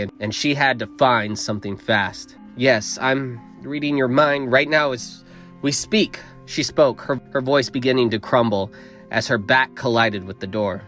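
Guy narrating a story, measured, middle pitch. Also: fairly bright tone.

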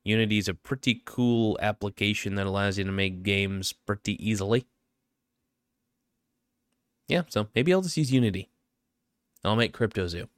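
A man with a low voice rambles offhandedly through a solo vlog monologue. His talk drifts from thought to thought without much shape. The sound is dry and close, with no room around it. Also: fairly bright tone, dry recording. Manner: aimless, offhand musing.

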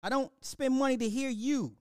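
A young man hosting a casual talk show, ranting with lots of swearing, laughing often and swinging between loud outbursts and low mutters. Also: normal speed, clear, resonant tone, no echo, clean studio sound. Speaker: podcast host. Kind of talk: casual commentary rant.

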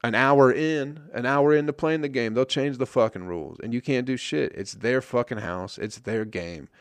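Young man, low gravelly voice, profane rambling podcast host, dry close sound. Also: moderate pace, no room sound. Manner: rambling, profane, wry and self-mocking. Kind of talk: casual solo podcast rant.

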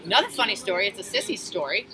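A woman's voice: medium pitch, very fast. Blunt New woman telling bar stories. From Astoria, Queens, New York. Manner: lively, blunt and profane, acts out shouting in her stories. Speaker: bartender, guest. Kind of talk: animated storytelling in casual conversation. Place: outdoors at a street-side table. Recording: street traffic noise outdoors.

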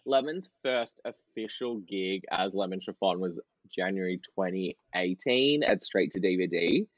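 A fairly low-pitched man talks through a podcast interview, loose and chatty, laughing often and scattering fillers. The sound is dry and a bit dull. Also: normal speed, dry recording. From Australia. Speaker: podcast guest, drag performer. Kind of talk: casual interview chat.

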